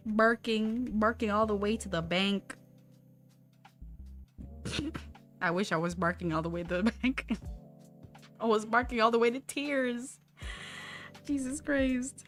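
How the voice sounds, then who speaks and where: A woman's voice: on the high side, takes it slowly, pauses often, fairly bright tone, soft background music. A young woman chatting on a livestream while she draws, rambling, swearing and laughing often. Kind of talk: casual chat while drawing.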